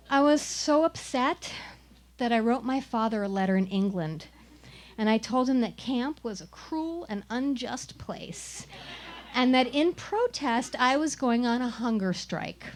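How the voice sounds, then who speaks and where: A woman storyteller performs a personal tale at a small live venue, wry and comic with flashes of mock indignation. Her voice sits a little high for a woman. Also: animated, moderate pace, a little hiss or hum.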